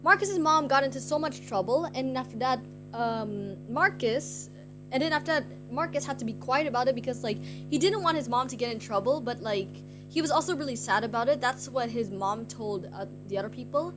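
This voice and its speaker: A young woman streamer with a high voice tells her chat a story in a loose, rambling way, full of "like" fillers. She sounds giggly and self-conscious. Guitar music plays clearly behind her. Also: lively intonation, fairly quick. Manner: rambling, heavy use of "like" fillers.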